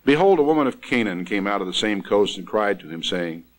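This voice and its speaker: Man, preacher, sermon, emphatic, loud exclamations and quiet asides, very lively pitch. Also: a little fast, low-quality recording.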